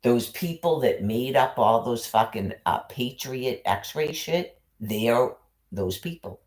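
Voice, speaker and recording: A man's voice: mid-range voice, lively intonation, slow. A man ranting into his livestream in an agitated monologue, cursing heavily and repeating himself as he piles up accusations.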